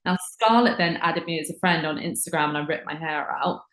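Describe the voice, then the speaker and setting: A woman's voice: sits low, brisk, a bit bright. A young woman with a London English accent, chatting casually as a podcast guest, swearing freely and filling her talk with "like.". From England. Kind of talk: casual chat. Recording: roomy echoey sound.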